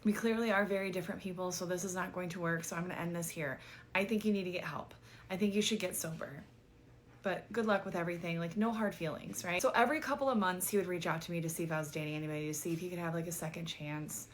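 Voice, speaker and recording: Woman vlogger, lowish voice, chatty exasperated storytime, faint background hum. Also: quick pace. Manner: chatty and exasperated, with frequent "like" and casual swearing. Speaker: vlogger telling a dating story. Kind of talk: casual storytime monologue.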